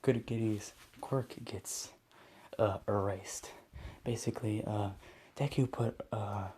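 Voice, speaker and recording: A man's voice: fairly low pitch, fairly even intonation, slow pace, darkish tone, husky. A man improvising a fan story aloud, rambling with many restarts.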